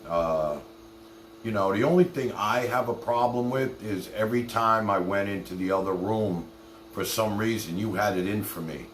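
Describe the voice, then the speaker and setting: A man's voice: lowish voice, normal speed, roomy sound, a little hiss or hum. A man hosting a casual livestream, talking animatedly straight to his chat. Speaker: livestream host.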